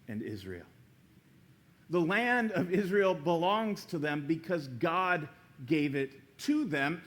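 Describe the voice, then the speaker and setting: A man preaching a sermon as pastor in church, telling a story with lively acted-out voices. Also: a little high. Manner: animated storytelling, acting out quoted voices.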